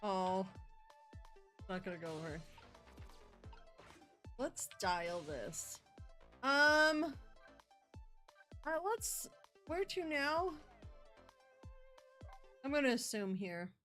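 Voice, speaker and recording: A bubbly young woman from the US West Coast chats playfully through a game stream. Her voice sits a little high and swings lively up and down, with a touch of faint music behind her. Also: slow pace, pauses often. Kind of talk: casual gameplay commentary.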